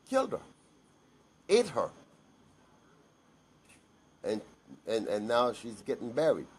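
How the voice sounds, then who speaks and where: A man's voice: medium pitch, darkish tone. A man giving a blunt, emphatic personal monologue to camera, repeating himself for stress.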